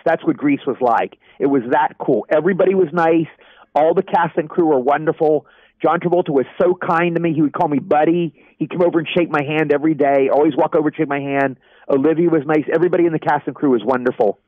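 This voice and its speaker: A man in his sixties telling animated anecdotes as an actor in a casual interview, acting out the people he quotes. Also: on the high side, fast, dry recording. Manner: animated anecdote teller, acts out quoted voices. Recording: dry, dull lo-fi audio.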